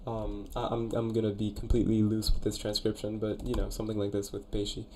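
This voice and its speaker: A man's voice: lowish voice, completely flat delivery, brisk, dark tone, slight background noise. A young man in college, casually chatting on a live stream, reading viewers' messages and sounding out invented words. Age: young adult. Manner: chatty, laid-back, reads chat aloud. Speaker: streamer reviewing viewers' conlangs.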